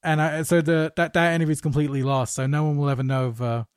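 A man hosting a podcast, telling anecdotes in an animated, casual way and swearing freely. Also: on the high side, quick pace, smooth, no echo, studio quality. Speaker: podcast host. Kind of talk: casual podcast conversation, storytelling.

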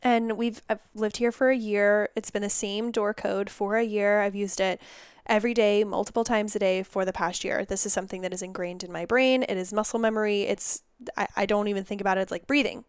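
Young female podcast host with a stuffy head cold, rambling and self-mocking, clean, smooth voice. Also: mid-range voice, fairly even intonation, brisk, dry recording, studio quality. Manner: rambling, self-mocking, loses her train of thought. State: congested from a cold. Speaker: podcast host and holistic nutritionist. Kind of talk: casual solo podcast chat. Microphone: podcast microphone.

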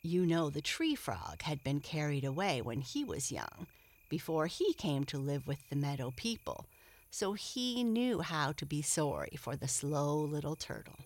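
A woman narrating a children's storybook in a gentle, measured reading. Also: deep voice, big pitch swings.

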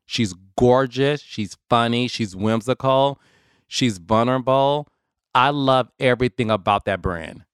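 Male podcast host, conversational and animated, clear resonant voice, mid pitch, dry close sound. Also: unhurried, dry recording. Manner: chatty, animated, addresses listeners as y'all. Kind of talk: casual solo commentary.

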